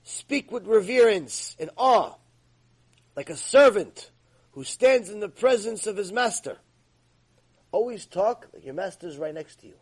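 A man's voice: sits high, expressive, a little slow, slightly rough, rough recording. A man teaching a religious ethics lecture in an emphatic, scolding way. He acts out the voices he quotes. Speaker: Torah teacher.

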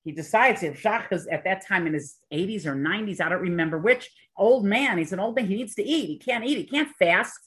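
A woman's voice: mid-range voice, expressive, fairly quick, few pauses, husky. A woman giving an earnest storytelling Torah talk, mixing in Hebrew and Yiddish terms with chatty asides. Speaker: Torah teacher.

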